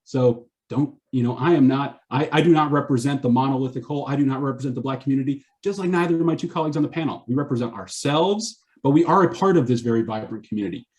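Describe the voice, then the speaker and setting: A man who grew up in Canada, a physician speaking on a discussion panel and telling stories from his life in an earnest, animated way. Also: mid-range voice, fast talker, hardly any pauses.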